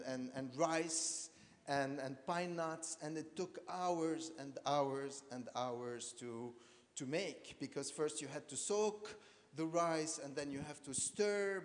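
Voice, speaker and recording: Man from lebanon telling a family story on stage, stops and restarts a lot, slightly high voice, long hall echo. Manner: hesitant, repeats words, many fillers. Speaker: artist giving a talk. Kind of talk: personal storytelling talk.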